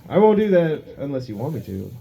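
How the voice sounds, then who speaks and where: A man's voice: fairly high pitch, big pitch swings, a little fast, creaky, warm tone. A man doing a crude, self-mocking stand-up set on a small pub stage, laughing at his own jokes. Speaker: stand-up comedian.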